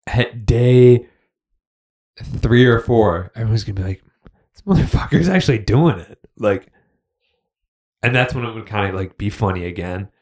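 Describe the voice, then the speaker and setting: A man's voice: lowish voice, steady tone, measured pace, long pauses, darkish tone. A young man co-hosting a casual podcast chat, laid-back and full of filler words. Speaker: podcast co-host.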